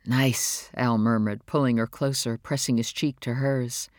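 Calm, measured audiobook narrator. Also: medium pitch, no echo, clean studio sound.

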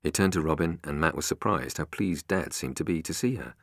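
A man narrating an audiobook in a measured, expressive way. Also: a bass voice, no echo, studio quality. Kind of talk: scripted narration.

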